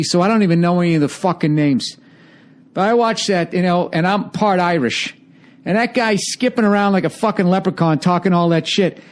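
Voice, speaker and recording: A man in his forties from the United States, a comedian podcast host, delivering a rambling, sarcastic, profanity-heavy comedic rant. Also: sits high. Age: 40s. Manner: sarcastic, rambling, swears constantly.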